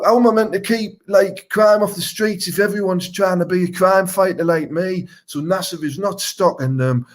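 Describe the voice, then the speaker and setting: A man with a Teesside accent playing a crude, boastful local superhero wannabe, rambling and swearing through a live comedy Q&A. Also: high voice. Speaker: comic superhero character.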